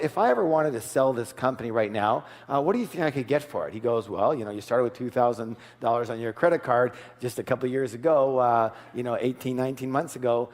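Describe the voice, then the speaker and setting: A middle-aged man giving a live motivational seminar, telling stories in an animated way, acting out the dialogue and asking the audience questions. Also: mid-range voice, brisk. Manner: animated storytelling, acts out dialogue, asks the audience. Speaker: seminar speaker. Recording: long hall reverb.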